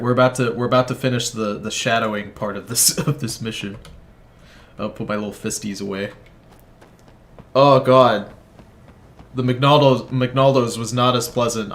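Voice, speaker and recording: A man's voice: medium pitch, fairly even intonation, moderate pace, a bit bright. A man telling a rambling, profane story in casual chat while he plays a video game, often breaking off to comment on it. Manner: rambling, profane, self-interrupting. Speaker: gaming video creator. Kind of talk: casual storytelling over gameplay.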